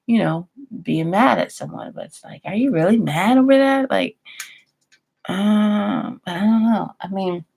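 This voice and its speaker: A woman's voice: medium pitch, lively intonation, a little slow, creaky, darkish tone, breathy edge. A woman vlogger chatting casually at her computer, rambling and restarting her sentences as she thinks aloud. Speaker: YouTuber. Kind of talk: casual vlog chat.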